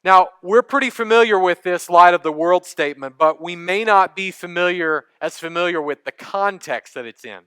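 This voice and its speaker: Texan preacher, man, crisp bright voice, dry sound, chatty sermon style. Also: sits high, moderate pace, hardly any pauses, no room sound. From East Texas. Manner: conversational preaching, engages congregation. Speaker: pastor.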